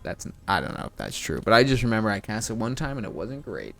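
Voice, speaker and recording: A man streaming a card game, giving live gameplay commentary while talking to his chat in a self-mocking, animated way. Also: fairly low pitch, quick pace, vocal fry, faint music behind.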